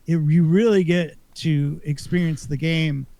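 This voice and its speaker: Guy cohosting a gaming podcast, fairly high voice with gravel in it, rambly and upbeat, dry sound. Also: fairly even intonation, a little slow, dark tone, no room sound. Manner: rambling, upbeat, lots of fillers and restarts. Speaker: podcast co-host. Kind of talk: casual gaming chat.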